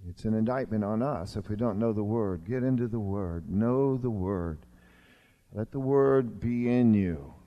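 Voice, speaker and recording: A man in his sixties, a longtime pastor, preaching a sermon with emphatic swings between urgent raised lines and quiet low asides. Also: unhurried, highs cut off.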